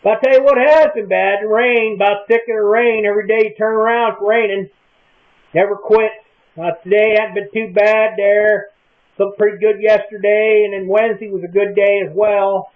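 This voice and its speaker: A man rambling in a folksy, drawn-out small-town way in a casual comic monologue. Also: sits high, level tone. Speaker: comic vlogger in character. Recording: tinny phone-like lo-fi recording.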